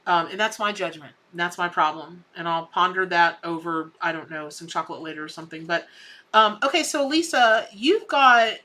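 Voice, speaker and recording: Middle-aged Southern woman, bright voice, warm folksy patter as a live-stream tarot reader. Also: lowish voice, animated, normal speed. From American South. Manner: folksy and effusive, calls viewers honey and baby.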